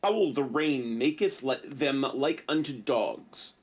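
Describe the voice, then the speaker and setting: A man reading translated classic verse aloud at a measured pace, then chatting casually as the discussion host. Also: medium pitch, animated, slightly rough.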